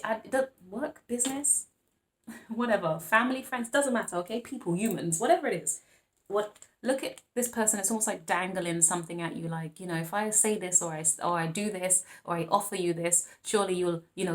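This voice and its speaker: Woman tarot reader, casual monologue, playful and rambling, with lots of endearments and laughter. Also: mid-range voice. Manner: chatty and playful, laughing often, calling viewers babes and darling; rambling with frequent restarts.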